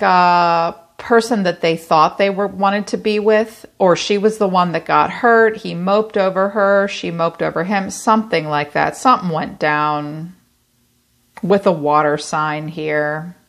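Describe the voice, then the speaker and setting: A woman reads tarot cards aloud to her viewers, talking in a chatty, blunt way. She swears now and then without fuss. Her voice sits a little low. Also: a little slow, a bit bright. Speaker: tarot reader. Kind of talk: solo tarot reading to camera.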